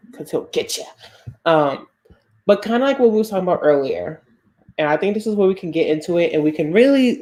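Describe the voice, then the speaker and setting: A woman's voice: low-pitched, dark tone. A woman co-hosting a casual online chat show, playful and self-conscious, laughing often. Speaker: podcast co-host.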